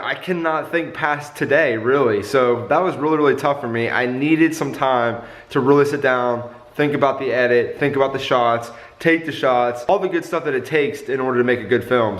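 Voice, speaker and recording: A man talking casually to his camera for a daily vlog, chatty and loose, with quick apologetic asides. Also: mid-range voice, a bit bright. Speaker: vlogger.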